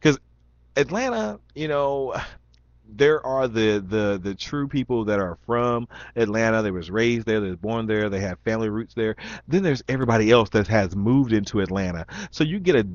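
Speaking in a lowish voice, a young vlogger with a faint Southern Indiana accent reads questions out loud, rambling casually and restarting with plenty of ums. The audio is dry, dull and lo-fi, without echo.

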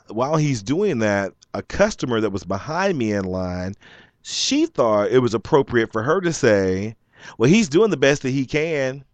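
Rambling man telling a heated story. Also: no room sound. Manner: rambling, heated, laughs often, jumps into high voices when quoting. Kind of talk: casual storytelling to camera.

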